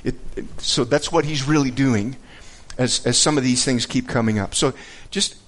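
A man teaching a Bible passage in a conversational way, earnest and halting, often repeating words as he searches for them. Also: medium pitch, fairly bright tone.

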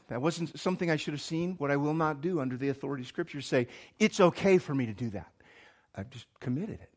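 A man preaching a sermon as a pastor, earnest, swinging from emphatic lines to hushed, quiet ones. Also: a little high.

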